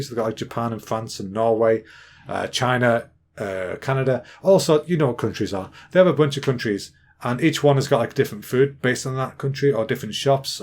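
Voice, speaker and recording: A man's voice: mid-range voice, slight background noise. A man in his thirties with an English accent, telling rambling, jokey stories as a podcast host. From England. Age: 30s. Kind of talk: casual storytelling monologue.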